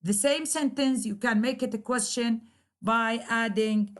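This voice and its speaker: A woman lecturer whose first language is Arabic, explaining English grammar slowly, with many hesitations and repeated key phrases. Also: on the high side. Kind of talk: recorded lecture.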